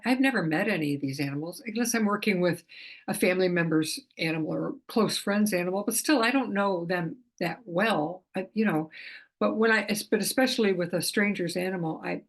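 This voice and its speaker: Middle-aged lady chatting to camera about her animal readings, keeps restarting and laughing a little. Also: mid-range voice. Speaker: animal communicator. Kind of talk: casual talking-to-camera explainer.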